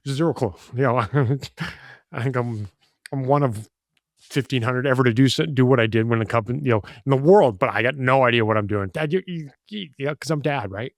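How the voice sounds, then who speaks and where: A man's voice: mid-range voice, normal speed, dry recording, clean studio sound. A middle-aged father talking as a guest, rambling earnestly with many restarts. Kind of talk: casual conversation.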